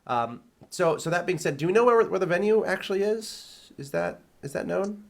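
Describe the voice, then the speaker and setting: A man's voice: high-pitched, animated, normal speed, vocal fry. A man hosting a casual esports chat show, his voice nasal from a cold, often stumbling over the first words. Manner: stammering, repeats words at starts. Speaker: host and caster.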